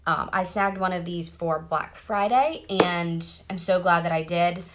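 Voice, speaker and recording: A woman's voice: fairly low pitch, steady tone, unhurried, noisy background. A woman, chatting bubbly and direct to viewers during a casual live makeup tutorial, sitting in a car. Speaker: makeup seller doing a live demo. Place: parked car.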